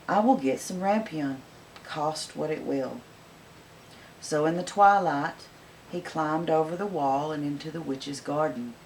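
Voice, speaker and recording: A woman reading a fairy tale aloud in a gentle, unhurried, expressive way. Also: low-pitched, slight background noise, poor audio. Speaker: storyteller.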